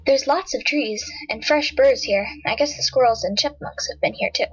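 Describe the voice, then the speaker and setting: A woman voicing a calm, sensible boy in a children's audiobook. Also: a little high, moderate pace, breathy edge. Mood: steady. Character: boy Bert, calm and sensible older brother. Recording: dull lo-fi audiobook with faint music.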